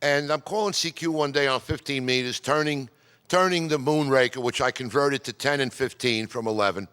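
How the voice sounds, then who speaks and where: A chatty, digressive middle-aged man from New York telling radio stories to a club audience. His voice is bright and forceful. It echoes with a long reverb, because he is speaking in a meeting hall. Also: mid-range voice, fairly quick, smooth. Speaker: amateur radio presenter. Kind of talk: casual storytelling talk.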